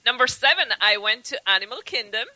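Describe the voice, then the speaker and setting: A woman in a casual chat, upbeat and quick to laugh. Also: on the high side, lively intonation, bright, forceful tone, dry recording, poor audio.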